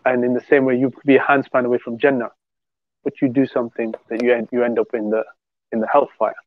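A man's voice: medium pitch, little pitch movement, fast. A man on a podcast, telling a religious story in a rambling, casual way with many restarts. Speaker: podcast co-host. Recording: tinny phone-like dry sound.

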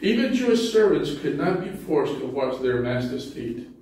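A man's voice: fairly high pitch, big pitch swings, normal speed, darkish tone, slight background noise. Man preaching in a very echoey church. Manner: conversational storytelling, self-deprecating humor. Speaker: pastor. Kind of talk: sermon. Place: church sanctuary. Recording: very echoey hall, distant mic.

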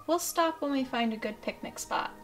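Young boy, cheerful, friendly, bright, storybook reading, woman reading. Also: sits high, normal speed, faint music behind.

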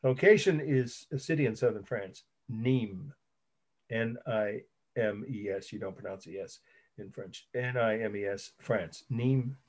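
A middle-aged man with a fairly low-pitched voice, speaking at normal speed, delivers a college art history lecture recorded online. He rambles, corrects himself, and spells out terms letter by letter.

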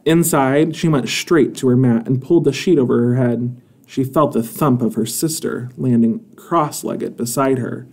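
A man's voice: mid-range voice, normal speed, darkish tone. Man reading a chapter book aloud. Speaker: storybook reader.

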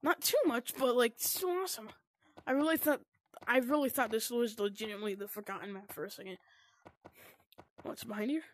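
A woman giving excited gameplay commentary, gushing and squealing, with "oh my gosh" and "dude" constantly. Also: a little high, a little fast, long pauses. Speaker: gaming video creator.

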